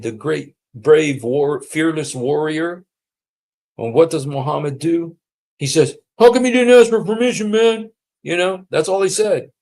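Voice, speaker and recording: A man's voice: medium pitch, creaky, a little mellow. A man hosting a casual livestream, talking in a sarcastic, mocking way and repeating himself for emphasis. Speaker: livestream host.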